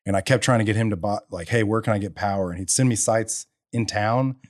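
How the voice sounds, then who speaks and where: Quick-paced and fairly low-pitched, this man is an energy entrepreneur from Texas telling his story in casual conversation as a podcast guest. He brings it to life by acting out quotes, laughing in bursts, and the studio sound is clean with no room noise.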